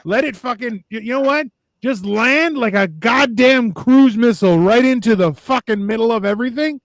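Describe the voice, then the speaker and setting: A male podcast host with a fairly high voice, ranting and swearing through a casual livestream chat. His sound is dry and close, with no room echo. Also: normal speed. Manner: profane, ranting, sarcastic.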